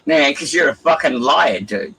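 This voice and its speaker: Combative taunting man, bright voice. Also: on the high side, lively intonation, moderate pace, creaky, husky, rough recording. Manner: combative, taunting, repetitive demands. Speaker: guest caller. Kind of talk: heated livestream argument.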